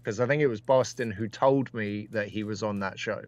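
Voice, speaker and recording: A man co-hosting a podcast, talking haltingly and circling back over his points. His voice comes through dull and lo-fi. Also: on the low side. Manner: halting, repeats phrases, restarts. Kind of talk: casual chat.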